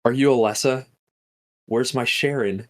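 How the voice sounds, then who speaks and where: A man voicing a worried mother with a flat, deadpan delivery. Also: mid-range voice, moderate pace, close to an everyday voice.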